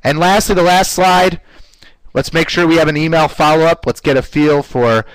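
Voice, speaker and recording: A man teaching a live online class in an upbeat, conversational way, often pausing with "uh" fillers. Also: fairly even intonation, no room sound, low-quality recording. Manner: playfully shifts pitch to demonstrate voice technique. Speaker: webinar presenter.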